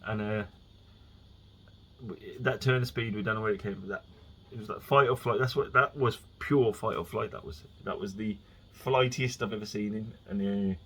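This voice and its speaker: A man's voice: fairly low pitch, steady tone, normal speed, fairly bright tone, breathy edge. A man talking in a casual solo monologue, rambling and chatty with frequent restarts as he tells stories. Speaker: vlogger.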